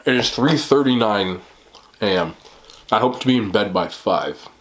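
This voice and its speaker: A man's voice: fairly low pitch, expressive, normal speed, slight background noise. Tired, rambling man vlogging late at night. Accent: New York. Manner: chatty, self-deprecating, laughs often. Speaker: mukbang vlogger.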